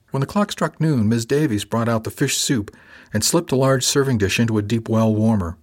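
A man calmly narrating a first-person audiobook in an even storytelling manner. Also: fairly low pitch.

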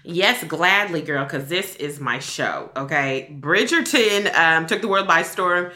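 A woman co-hosting a podcast in casual chat with lively, sassy asides. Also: on the low side, measured pace. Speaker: podcast co-host.

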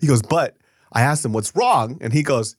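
A podcast co-host with a mid-range voice chats casually at a moderate pace, recorded in studio quality with no room sound. He's an animated storyteller who swears a lot and laughs his way through his tales.

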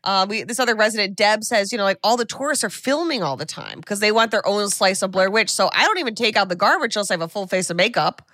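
Bright, chatty podcast woman. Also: medium pitch, quick pace, few pauses, dry recording, clean studio sound. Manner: animated retelling, quoting characters with lots of "like". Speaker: podcast co-host. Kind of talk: casual comedic movie recap.

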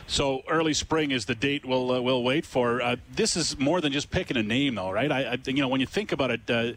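A man's voice: mid-range voice, fairly quick, a bit bright, slight background noise. A man hosting a sports talk radio show, talking casually and stumbling through fillers and restarts.

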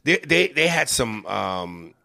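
Gravelly, animated man chatting profanely. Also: lowish voice, slow, no echo, studio quality. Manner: animated, profane, breaks into impressions. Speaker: podcast co-host. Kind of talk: casual chat. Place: hotel room.

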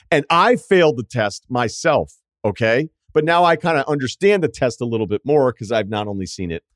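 A man in his forties, a podcast host telling a story in casual chat, animated and jumping into loud impressions of people. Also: on the low side, no echo, clean studio sound. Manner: animated, swings into loud mimicking voices.

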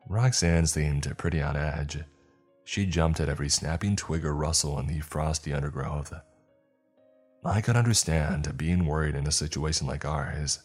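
A man narrating a first-person horror story in a measured, scripted way. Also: very deep voice, a little mellow.

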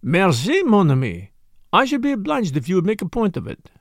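Brief: man playing a fussy, clever old detective, raised and songful, gravelly edge. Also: high-pitched, huge pitch swings, a little fast, no room sound, studio quality, pitched above the performer's own voice, heavily acted. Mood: pleased. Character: precise, fussy older male detective, calm and clever.

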